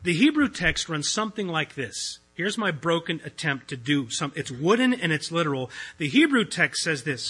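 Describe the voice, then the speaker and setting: A man, a pastor, preaching an earnest, conversational sermon that swings between loud stretches and hushed ones. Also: fairly high pitch, big pitch swings, normal speed, hardly any pauses, husky, soft background music, rough recording. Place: church.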